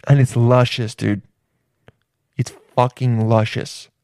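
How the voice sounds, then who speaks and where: A man's voice: medium pitch, little pitch movement, slow pace, darkish tone, dry recording, clean studio sound. A man riffing in a crude comedic ramble, full of restarts and swearing.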